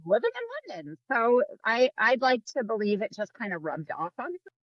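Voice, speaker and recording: A woman's voice: on the high side, animated, a little fast, muffled recording. A woman co-hosting a podcast, bantering playfully in casual chat. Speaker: podcast co-host.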